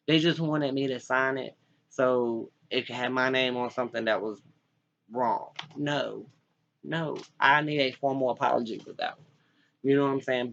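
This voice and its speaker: A young North Carolina man, a vlogger, pleads straight into the camera with a medium-pitched voice that is gravelly and a touch bright. He rambles through a personal appeal, often restarting his sentences, and the lo-fi recording sounds dull.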